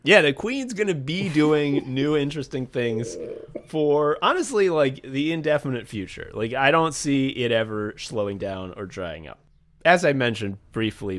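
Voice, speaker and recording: A man's voice: mid-range voice, a bit bright. Man deadpanning absurd bits on a podcast. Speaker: podcast co-host. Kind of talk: casual comedic chat.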